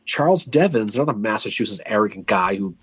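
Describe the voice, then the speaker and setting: A man co-hosting a casual history podcast, telling events as a lively story, acting out quotes and teasing his co-host. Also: fairly low pitch, quick pace, husky, no echo.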